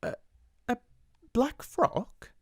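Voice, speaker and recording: A flustered, plump British spinster stammers in a high, wavering voice that flutters up and down, as a man puts her on. She is timid and easily frightened, forever stumbling over her words. The sound is dry and close. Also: wildly swooping pitch, moderate pace, no room sound. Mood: bewildered. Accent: British English.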